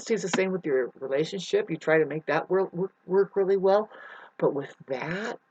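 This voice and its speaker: A woman's voice: on the low side, normal speed, darkish tone, slightly rough. A woman vlogger rambling through a searching spiritual monologue, speaking straight to the viewer and calling them "babes". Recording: muffled lo-fi audio.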